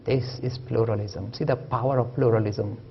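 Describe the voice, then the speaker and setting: A man's voice: lowish voice, steady tone, moderate pace, lo-fi sound, slight background noise. A man giving a public lecture, storytelling with humor and emphatic delivery.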